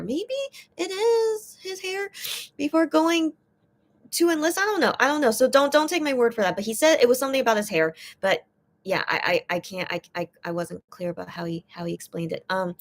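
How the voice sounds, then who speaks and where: A young woman fan chatting casually on her own live stream, rambling and hesitant as she retells and translates what was said. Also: medium pitch. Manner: rambling, hesitant, repeats words often. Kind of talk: casual livestream chat.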